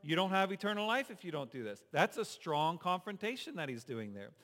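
A man's voice: high-pitched, very animated, a little fast, a bit bright, big-room sound. A male pastor preaching a sermon in a conversational way, asking the congregation rhetorical questions, in a church sanctuary.

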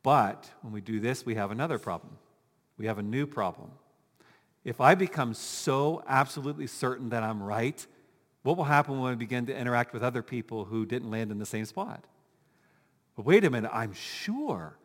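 A man preaching a sermon as pastor, animated and full of rhetorical questions, talking with his congregation. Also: mid-range voice, moderate pace, in a large hall. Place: church sanctuary.

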